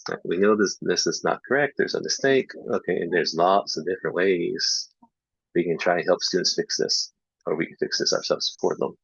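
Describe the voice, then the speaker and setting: Relaxed male teacher trainer, gravelly and low, chatty with fillers, muffled dry lo-fi sound. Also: normal speed, no echo. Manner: relaxed, filler-heavy, demonstrates errors by repeating them. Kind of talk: casual online teaching talk. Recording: dull lo-fi dry online recording.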